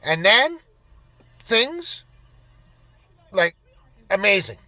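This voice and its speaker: A man's voice: high-pitched, big pitch swings, measured pace, pauses often, bright, forceful tone, no echo. A man in his fifties telling a rambling, profane anecdote in a casual storytelling style. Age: 50s. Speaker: vlogger.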